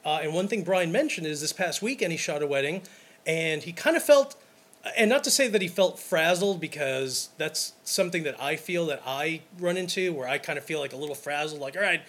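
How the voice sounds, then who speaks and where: A wedding photographer in casual podcast chat, telling stories emphatically and acting them out, with plenty of false starts. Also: male voice, fairly high pitch, brisk. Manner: animated, emphatic storyteller who acts out scenes; talks in repeated false starts.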